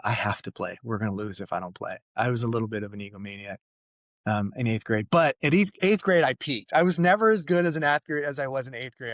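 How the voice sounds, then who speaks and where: Guest coach, man in his forties, mid-pitch, candid and joking storyteller, dry close mic. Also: no room sound. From Fresno, California. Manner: candid, self-deprecating, jokey storyteller. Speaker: mental performance coach, guest. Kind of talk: storytelling in a podcast interview.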